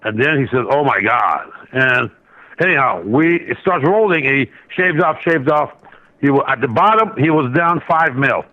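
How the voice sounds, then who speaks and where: In a casual radio interview on a market show, a male analyst and trader tells a rambling trading story packed with restarts and asides. His medium-pitched voice is animated and moves at normal speed, and the line sounds dull and lo-fi.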